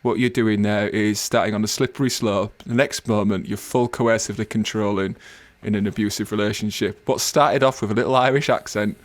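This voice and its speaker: A man's voice: on the low side, steady tone, fairly quick, hardly any pauses. An English man co-hosting a casual podcast, talking in a wry, self-mocking way. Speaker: podcast co-host.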